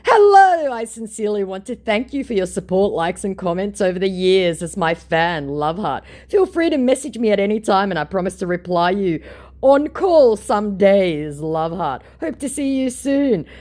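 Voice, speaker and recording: A man's voice: sits high, sing-song, moderate pace, darkish tone, voice pushed up. A woman voicing a lovesick male scammer posing as an actor, syrupy and begging in broken phrases.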